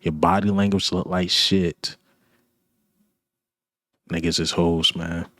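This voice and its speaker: Fan commentator, male, low and dry, blunt and repetitive ranting. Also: little pitch movement, slow, a bit bright, no room sound. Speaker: sports commentator. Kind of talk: ranting sports talk.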